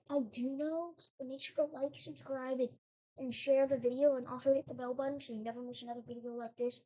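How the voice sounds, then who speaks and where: A woman's voice: sits high, flat delivery, a little fast, warm tone. A woman host telling a made-up history story in a casual, rambling way, breaking off into joking asides. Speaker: channel host. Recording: dull lo-fi recording.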